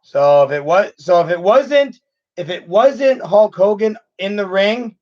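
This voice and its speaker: High-voiced guy in his 30s doing a live q&a, slow and rambly, muffled lo-fi sound. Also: big pitch swings, a little mellow. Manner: rambling, with frequent restarts. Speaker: channel host. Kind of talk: casual live Q&A chat.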